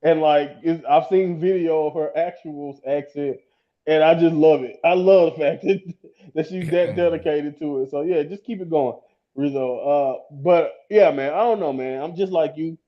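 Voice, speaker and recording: A man with a high voice co-hosting a casual podcast. He agrees readily, laughs often and stumbles over repeated words as he starts a thought. His audio is slightly muffled and lo-fi. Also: moderate pace. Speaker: podcast co-host. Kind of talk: casual chat.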